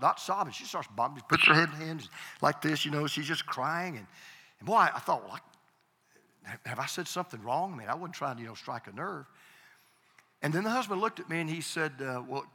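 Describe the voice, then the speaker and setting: Bright-voiced pastor preaching in a hall. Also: male voice, a little high. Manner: storytelling with repeated starts and emphatic pauses. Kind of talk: sermon storytelling.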